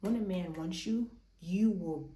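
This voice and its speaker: A woman's voice: fairly low pitch, a little slow, mellow, roomy sound. A woman recapping a reality show in a casual, opinionated chat, a little out of breath, with restarts and sighs.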